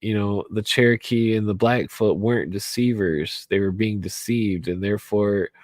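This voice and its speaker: A man a little drunk on alcohol rambles through a late-night radio monologue, swearing freely and looping back to the same phrases. His voice sits on the low side. The sound is close and dry. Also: moderate pace, darkish tone, no echo. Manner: profane, rambling, repeats himself. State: tipsy from alcohol. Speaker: radio show host.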